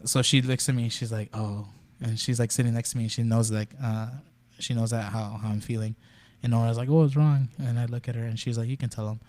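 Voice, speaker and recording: A man's voice: medium pitch, level tone, quick pace, darkish tone. A young man talking casually on a podcast, telling a rambling, profane story full of fillers. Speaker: podcast guest. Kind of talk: casual chat.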